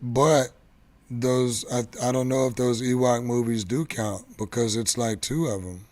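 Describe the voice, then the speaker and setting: Guy hosting a stream, rambly and halting, keeps restarting, mid-pitch voice. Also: steady tone, a little mellow. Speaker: show host. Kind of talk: casual live-stream chat.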